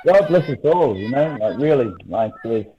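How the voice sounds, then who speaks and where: A man's voice: mid-range voice, animated, normal speed, faint music behind. A man chatting casually on a group video call, laid-back and mumbling. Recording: dull lo-fi call audio with faint noise.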